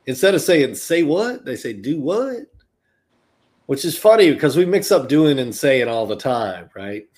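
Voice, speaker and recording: A man's voice: medium pitch, expressive, normal speed, few pauses, darkish tone. A man with a Southern American accent hosting a podcast, talking casually with many fillers and digressions. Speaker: podcast host. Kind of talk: casual chat.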